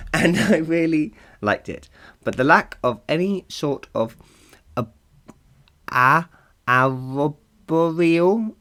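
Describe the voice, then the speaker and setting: A man's voice: mid-range voice, a bit bright. A man hosting a casual solo podcast, chatty and rambling, laughing often and poking fun at himself. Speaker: podcast host.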